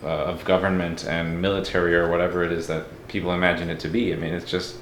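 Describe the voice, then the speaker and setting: Deep-voiced Mexican-born man, reflective. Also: little pitch movement, fast, a bit bright, echoey room, slight background noise. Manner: reflective and candid. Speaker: podcast guest. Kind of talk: casual interview talk.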